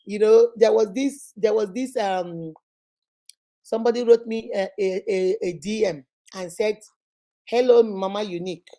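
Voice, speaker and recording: A woman's voice: mid-range voice, unhurried, mellow. A middle-aged Nigerian woman hosting a casual vlog, telling stories with laughter and rhetorical questions. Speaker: host.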